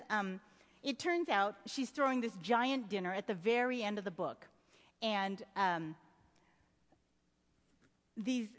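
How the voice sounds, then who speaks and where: A woman discussing a novel and reading passages aloud, acting out the quotes with big swings of voice. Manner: animated, acts out quotes with big pitch swings. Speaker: literature lecturer. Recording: hall reverb.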